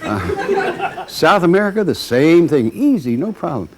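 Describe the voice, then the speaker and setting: A man voicing a brisk male clerk who arranges births for souls, talking in breezy salesman patter. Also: fairly high pitch, big pitch swings, background noise, voice pushed up.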